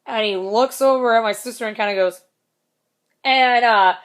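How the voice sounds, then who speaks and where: A woman's voice: on the high side, moderate pace, clear, resonant tone. A young woman recounting a night at a show in a casual vlog. She talks in a loose, rambling way, swears often and laughs through the funny parts. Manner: chatty, swears a lot, laughs often, acts out quotes. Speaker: concert fan telling a story.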